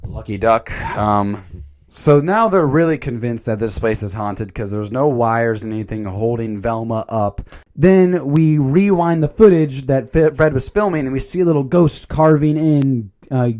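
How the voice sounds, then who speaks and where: A man casually rambling through a cartoon movie review, animated, with filler words and mild swearing. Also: mid-range voice, moderate pace. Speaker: channel host.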